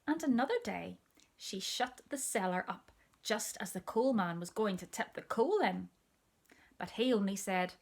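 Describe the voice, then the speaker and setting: A woman reading a children's story aloud in a gentle, intimate way with soft asides. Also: mid-range voice, animated, measured pace, creaky.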